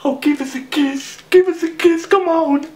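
A shrieking, gushing flirt, far above his usual pitch and loud. The voice is thrown out eagerly, bouncing around a bare room. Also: steady tone, normal speed, roomy sound.

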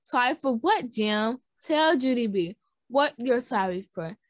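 A woman's voice: a little high, animated, measured pace, dry recording. A woman voicing a stern male school principal in a storybook read-aloud, firm and questioning.

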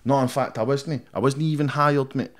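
A man's voice: mid-range voice, steady tone, moderate pace. A young Scottish man, a rapper guest in a casual interview, blunt and sweary, tossing "mate" into nearly every sentence. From Scotland.

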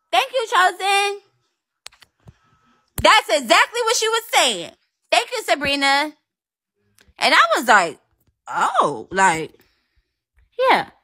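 A woman hosting a live stream, talking straight to her viewers, thanking commenters and venting bluntly with swearing. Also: high voice. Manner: animated, addresses viewers directly and thanks commenters. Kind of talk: casual live stream chat.

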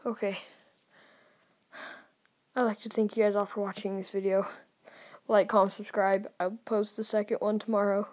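A woman's voice: medium pitch, flat delivery, normal speed, long pauses, darkish tone. A young woman playing a horror game, sounding scared and jittery and stammering now and then. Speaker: gamer.

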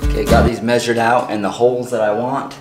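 A man's voice: medium pitch, a little fast, loud music behind the voice. A man in a home garage, chatting casually and thinking aloud as he works on a project. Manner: relaxed, chatty, thinking aloud while working. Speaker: DIY vlogger.

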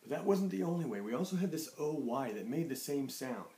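A man's voice: a little high, expressive, fairly quick, warm tone. A male teacher giving a playful, encouraging phonics lesson to young children. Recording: echoey room.

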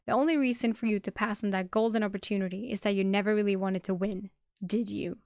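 An intense young man hurls accusations at a rival, voiced by a woman reading an audiobook. His delivery is loud and pressing, with a mid-range voice. The sound is dry and close to the mic. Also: medium pitch, fairly even intonation, fast talker, no echo, lightly acted. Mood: accusing.

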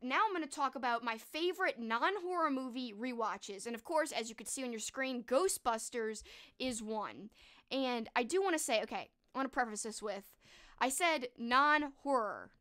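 A woman's voice: fairly high pitch, lively intonation, normal speed, a bit bright. A young woman with a slightly raised voice talks casually into a desk mic during a live stream. She is chatty and enthusiastic, gushes over what she loves and often restarts her sentences. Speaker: streamer and horror book host.

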